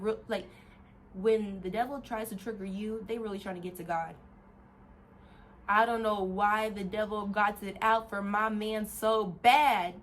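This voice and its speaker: Woman, vlogger, casual rant, animated, laughs a lot, cusses, rambling restarts, mid-range voice. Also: medium pitch, a little hiss or hum. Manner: animated, laughs often, swears freely.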